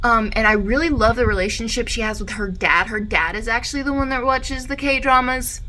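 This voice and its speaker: A young woman chatting casually in a book vlog, animated and quick to swear, filmed on a phone. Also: a little high, slight background noise, rough recording. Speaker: book vlogger. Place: at her workplace before clocking in.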